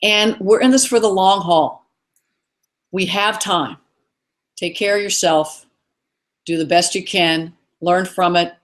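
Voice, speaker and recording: A woman's voice: fairly low pitch, slow, long pauses. A middle-aged woman speaking as a guest on a live video call interview, earnest and encouraging, running through lists of ideas. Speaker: guest expert.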